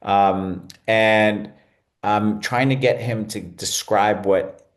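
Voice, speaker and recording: A man's voice: fairly low pitch, slow pace. A man hosting a podcast in casual chat, telling stories candidly and animatedly, with the odd swear. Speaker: podcast host.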